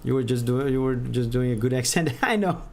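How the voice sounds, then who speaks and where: A man streaming a game and chatting casually with his audience, self-deprecating and quick to laugh. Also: mid-range voice, creaky, darkish tone. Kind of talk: casual gameplay chat.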